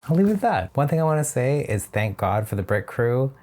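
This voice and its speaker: A man's voice: medium pitch, very animated, a little fast, darkish tone. A man reviewing a drag competition show in a casual, chatty reaction style, with opinionated and slightly shady asides.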